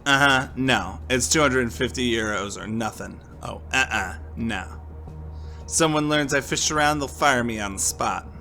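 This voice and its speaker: A man's voice: medium pitch, expressive, moderate pace, long pauses, fairly bright tone, faint music behind, voice pushed up, close to an everyday voice. A man voicing a streetwise informant who talks brusquely and with emphasis. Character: shady male informant, pushy and streetwise.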